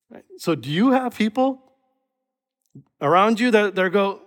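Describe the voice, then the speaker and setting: A male pastor preaching a lively sermon, asking the congregation rhetorical questions and sometimes acting out other people's voices. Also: high-pitched, moderate pace. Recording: long reverb of a large hall.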